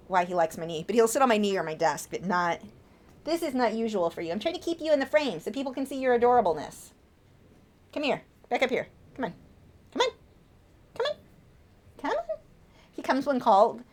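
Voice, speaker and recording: Woman, 30s, casual livestream host, chatty and a bit high-pitched. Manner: chatty, coos high at her pet bird. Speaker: artist hosting a livestream.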